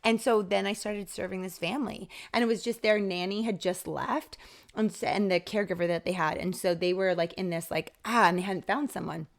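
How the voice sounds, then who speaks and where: A woman guest on a podcast telling a personal story in casual talk, acting out quoted dialogue with lively shifts. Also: medium pitch, a little fast, creaky. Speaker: podcast guest, author and speaker.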